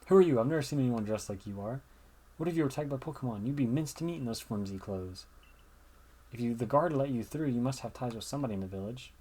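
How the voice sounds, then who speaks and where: A man's voice: medium pitch, expressive, fast, mellow, husky. A man voicing a brusque young woman who scolds a stranger. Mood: startled, scolding. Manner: blunt, scolding.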